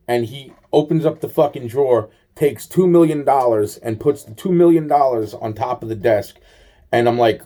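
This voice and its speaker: A man's voice: mid-range voice, moderate pace, warm tone. A man telling a rambling, aggrieved personal story in a monologue, swearing often and repeating himself. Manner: profane, repetitive, aggrieved storytelling.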